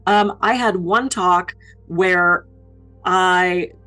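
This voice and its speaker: A woman's voice: lowish voice, drawn-out words, faint music behind, poor audio. A woman keynote speaker giving public speaking advice, telling stories about her own mishaps with self-deprecating humor. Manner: lively self-deprecating storytelling.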